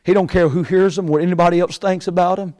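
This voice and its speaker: A man preaching a sermon, swinging between shouted peaks and quiet, hushed asides. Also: high voice, steady tone, fast talker, rough recording. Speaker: pastor. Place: church sanctuary with congregation.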